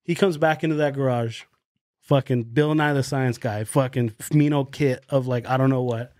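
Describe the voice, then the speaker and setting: A man's voice: medium pitch, moderate pace, no echo, clean studio sound. A young man on a podcast, telling a wild story with lots of swearing and laughing along the way. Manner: animated storyteller, swears freely, laughs through his story. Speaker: podcast co-host. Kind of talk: casual podcast chat.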